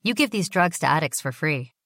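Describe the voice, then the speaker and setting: A woman's voice: low voice, lively intonation, brisk, fairly bright tone, no echo, studio quality, heavily acted. A woman reading the part of a distant, pensive male corporate officer who keeps asking questions. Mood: probing. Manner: questioning, musing.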